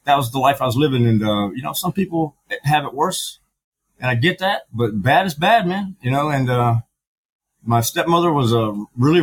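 A man's voice: mid-range voice, husky, low-quality recording. A middle-aged man, a podcast guest, telling his story candidly, with frank, profane talk full of fillers and restarts.

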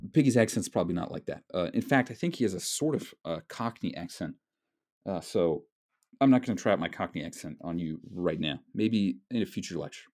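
A man lecturing on a novel in a measured, explanatory way, with frequent fillers. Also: deep voice, darkish tone. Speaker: literature lecturer. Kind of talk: recorded lecture.

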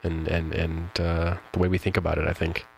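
A man's voice: low-pitched, level tone, a little fast, creaky, darkish tone, a little hiss or hum, rough recording. A man hosting a poetry show, talking casually and thoughtfully about a poem, with fillers and restarts. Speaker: poetry podcast host. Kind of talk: casual talk about a poem with slow read-aloud.

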